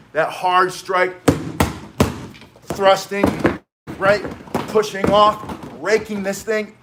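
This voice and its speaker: A man's voice: a little high, sharp tone. A man teaching self-defense on a live stream, talking to viewers in an emphatic way, repeating short punchy phrases and drifting into asides. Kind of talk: live-streamed training talk, chatting with viewers.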